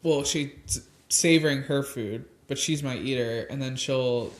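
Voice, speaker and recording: A woman's voice: extremely low pitch, a little slow. A young woman co-hosting a parenting podcast, chatting casually and peppering her sentences with "like.". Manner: chatty, fills speech with "like". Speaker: podcast co-host and mother of twins. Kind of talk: casual chat.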